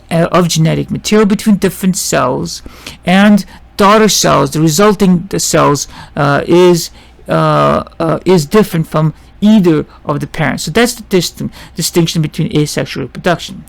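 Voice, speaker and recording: With a high voice and vocal fry, a man gives a casual biology lecture. He restarts sentences a lot, poses rhetorical questions to himself, and keeps checking on listeners with "see?" and "right?".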